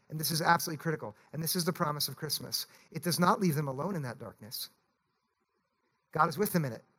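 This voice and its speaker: Earnest high-voiced male preacher. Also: pushed and bright. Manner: earnest, pleading, repeats "listen". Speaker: pastor. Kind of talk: sermon. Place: church.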